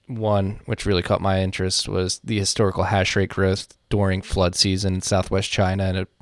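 A man from Philadelphia co-hosting a podcast, talking through the news in a relaxed, rambling way and swearing casually over a remote call. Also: deep voice, brisk, no echo, studio quality. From Philadelphia, USA. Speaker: podcast co-host.

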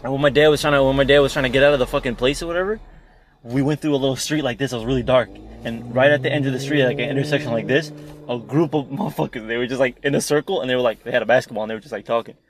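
A man's voice: medium pitch, rapid-fire, a little hiss or hum. A young man telling rambling, profane stories in casual chat between friends. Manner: rambling, profane storytelling with slang.

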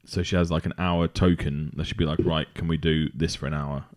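Man, very low voice, rambling casual podcast chat. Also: fairly even intonation, a little fast, a little mellow. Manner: chatty, rambling with fillers. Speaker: podcast co-host.

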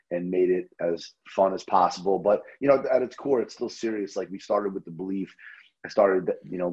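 A man's voice: sits low, breathy edge, lo-fi sound. A man with a New Jersey accent, a restaurant owner chatting as a podcast guest, telling stories animatedly and swearing freely. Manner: animated storyteller, swears freely, repeats words. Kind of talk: casual interview chat.

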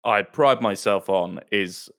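A man with a slightly low voice talks casually as a podcast guest. He is relaxed and chatty, filling his sentences with "like" and "um" as he goes. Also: slow pace. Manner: laid-back, chatty, peppered with "like" and "um". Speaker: guest, tabletop role-play player. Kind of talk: casual chat.

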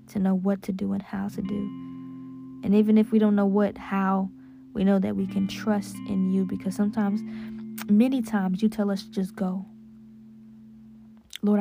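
A woman prays aloud with fervent, drawn-out praise, her voice carrying a gravelly fry. She is lying down in a closet, so the sound is close and muffled. Guitar music plays clearly underneath. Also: mid-range voice. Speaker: podcast host. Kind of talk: spoken prayer and testimony. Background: soft guitar music.

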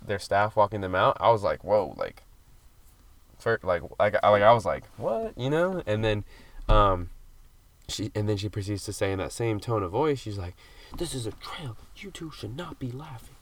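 A man's voice: lowish voice, normal speed. A man casually chatting on a podcast, telling a long story with many fillers and some swearing. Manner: rambling storytelling, frequent fillers, mild swearing. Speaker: podcast co-host. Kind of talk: casual chat. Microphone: studio mic.

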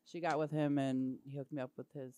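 A woman's voice: rumbling low, flat delivery, brisk, a loud crowd. A middle-aged mother co-hosting a casual podcast, frank and tired, swearing freely. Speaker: podcast co-host. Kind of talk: casual crude chat.

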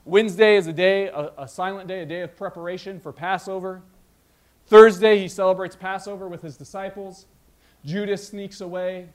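High-voiced man preaching a sermon. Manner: storytelling, animated retelling with voiced asides. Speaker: pastor.

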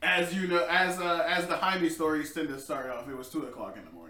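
A young man with a high voice tells an animated story, laughing often and acting out other people's shouting. He sounds a little away from the mic in an echoey room. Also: a little fast, far from the mic. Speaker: podcast co-host. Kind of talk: casual chat, storytelling.

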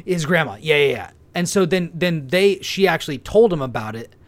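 A man co-hosting a casual film discussion, animated and often correcting himself mid-sentence. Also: on the high side, brisk. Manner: animated, trailing, self-correcting.

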